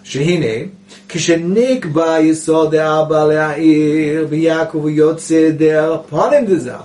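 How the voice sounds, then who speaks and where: A man's voice: a little high, steady tone, quick pace, darkish tone. Man teaching a Kabbalah text. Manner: reads Hebrew text aloud then explains in English; explanatory, rhetorical questions. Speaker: Torah teacher. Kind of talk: Kabbalah text study lesson. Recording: voice picked up from a distance.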